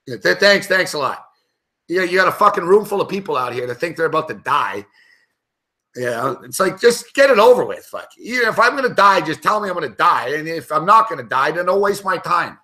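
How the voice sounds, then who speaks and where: A young man with a bright, forceful, fairly high voice, spinning a long, rambling anecdote in casual chat. He swears in nearly every sentence and keeps restarting his thoughts as the story runs on. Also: a little fast. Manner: profane, swears constantly; rambling, animated anecdote telling. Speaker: show panelist.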